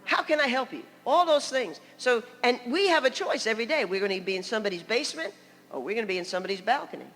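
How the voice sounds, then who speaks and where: Bright-voiced older woman preaching with humor. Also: fairly high pitch, fast talker. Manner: lively, laughing storyteller. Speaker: guest preacher. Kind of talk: humorous sermon storytelling. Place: church sanctuary. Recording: long church hall reverb.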